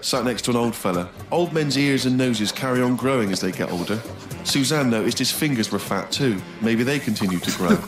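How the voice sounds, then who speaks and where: A man on a comedy podcast reading diary entries aloud in a dry, deadpan way. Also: mid-range voice, a little fast, music in the background. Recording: roomy noisy podcast recording.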